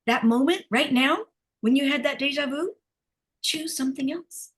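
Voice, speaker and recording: A woman with a high, bright-pitched voice talks in a casual group video chat. She tells her stories excitably, leaning into every turn with real animation. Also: moderate pace. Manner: animated, excitable storytelling with laughs. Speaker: discussion participant.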